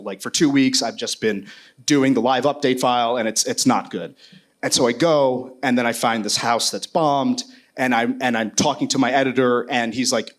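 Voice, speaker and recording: A man's voice: mid-range voice, fairly even intonation, moderate pace. A man speaking as a war correspondent on a panel, telling his story candidly and casually, with many fillers and restarts.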